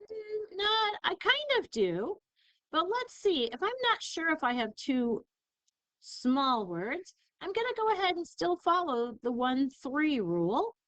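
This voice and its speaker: A woman teacher giving a recorded spelling lesson, sounding out syllables slowly and carefully. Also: high-pitched, very animated, fairly bright tone, no echo, poor audio. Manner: slow, careful enunciation of syllables.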